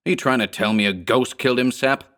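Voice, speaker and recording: A man's voice: medium pitch, brisk, fairly bright tone, voice pushed up, lightly acted. A man voicing a small, slick gang boss who speaks in 1930s gangster slang with a snarl and scorn. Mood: scornful.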